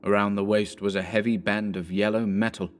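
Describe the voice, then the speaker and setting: A man narrating a horror story as an audiobook, in a measured, dramatic way. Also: lowish voice, little pitch movement, a little hiss or hum.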